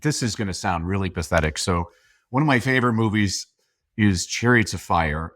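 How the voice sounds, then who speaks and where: A man's voice: deep voice, a bit bright, no echo, studio quality. A man in a casual conversation, telling stories with enthusiasm and praising his host. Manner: enthusiastic storyteller, quick to praise. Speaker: podcast guest, speaker and coach.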